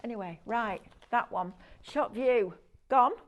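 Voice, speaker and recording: A woman's voice: a little high, slow. A woman presenting a live shopping show, chatty and gushing as she praises each product. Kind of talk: live sales demonstration.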